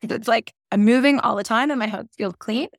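A woman's voice: a little high, brisk, gravelly, dry recording, studio quality. A woman guest on a podcast, candidly telling a personal story in an open, emotional and casual way, with some swearing.

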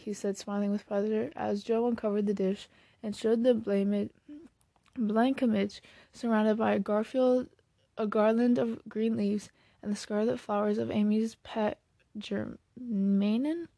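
A woman reads a classic novel aloud at a steady pace and sometimes restarts a phrase. Her voice is mellow with a gravelly texture. The recording is close and dry, with no room sound. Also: medium pitch, normal speed, dry recording. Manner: steady reading with occasional restarts. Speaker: audiobook reader.

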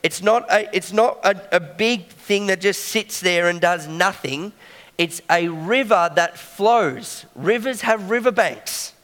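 A man with a fairly high voice preaches a sermon. He talks conversationally and keeps checking that his listeners are following him. His voice carries a long reverb from a church hall. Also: slow pace, fairly bright tone.

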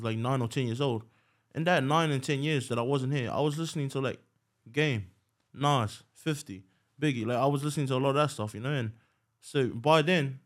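A young man from New Zealand, a guest rapper chatting casually on a podcast in a laid-back way. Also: medium pitch. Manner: laid-back, lots of "yes, sir" and "you know what I mean".

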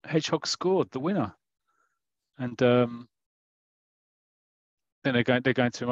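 A man's voice: mid-range voice, measured pace, long pauses, no echo. A man in casual chat, retelling a comic story and acting out its lines. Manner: animated storyteller, acts out the lines. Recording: dull, dry lo-fi audio.

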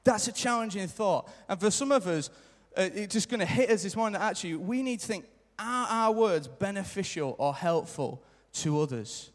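A high-voiced man delivers an earnest sermon live in a church. His words ring out with a long hall reverb behind them. He stresses his points by repeating them and slips into short quoted remarks. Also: animated, normal speed, few pauses. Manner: earnest, repetitive emphasis, acts out quoted lines. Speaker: preacher.

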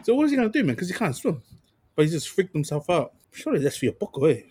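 NZ podcast co-host, husky and dry, casual slangy storyteller. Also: male voice, fairly high pitch, sing-song, fast talker, a little mellow, no room sound. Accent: New Zealand. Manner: laid-back storytelling with slang and chuckles. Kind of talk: casual chat.

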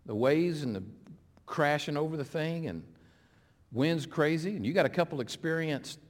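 A man's voice: animated, normal speed. Dramatic preacher man in a reverberant hall. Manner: dramatic, swings between loud appeals and hushed low retelling. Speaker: interim pastor. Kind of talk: sermon. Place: church sanctuary.

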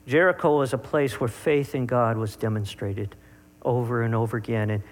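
A man preaching a sermon, speaking to his listeners directly and stressing key words by drawing them out, with sharp rises and drops. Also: mid-range voice, steady tone, moderate pace. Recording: long hall reverb.

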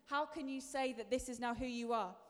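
Speaking briskly in a fairly high voice, a woman gives a sermon full of chatty self-deprecation that swells into emphatic bursts. The sound carries the long reverb of a large hall.

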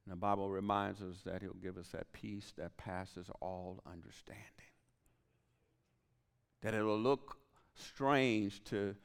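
A man's voice: fairly low pitch, vocal fry, clean tone. A man preaching a sermon as pastor, telling a personal story and dropping to whispered asides. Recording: long hall reverb.

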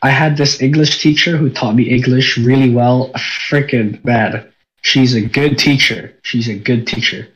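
A man's voice: medium pitch, fairly even intonation, unhurried, a bit bright, highs cut off. A young man with a nasal voice from a cold, chatting casually as a podcast host, rambling with lots of fillers. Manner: rambling, laughs often, many fillers. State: sick, stuffy nose.

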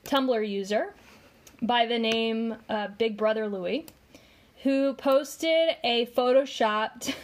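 A woman co-hosting a casual commentary podcast, chatty and heavy on fillers as she explains. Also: fairly high pitch. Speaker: podcast co-host.

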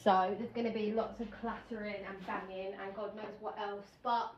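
A young woman talking openly on her podcast while doing her hair at home. Her chat is rambling and candid, full of restarts. Her pitch sits in a middle range, and the home recording sounds a little dull and muffled. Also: level tone, moderate pace, a little hiss or hum. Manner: chatty, rambling, candid, stops and restarts mid-thought. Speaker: podcast host. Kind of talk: casual chat.

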